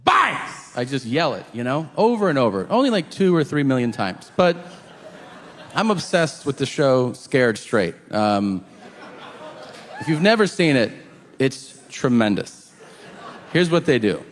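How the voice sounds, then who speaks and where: A man's voice: mid-range voice, a little slow, long pauses, a little hiss or hum. A man doing stand-up, telling a story with profanity and acting out both sides of a conversation. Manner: animated, profane, acts out both sides of a dialogue. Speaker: stand-up comedian. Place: large venue with audience laughter. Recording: live hall recording with long reverb.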